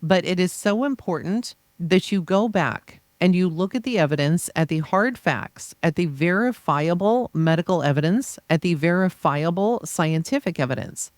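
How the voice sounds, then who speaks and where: A podcast reader voicing a defense attorney's closing argument, forceful and insistent with repeated rhetorical phrases. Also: medium pitch, animated, moderate pace, few pauses, dry recording, studio quality. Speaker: podcast reader of trial transcripts. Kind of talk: reading a courtroom closing argument aloud.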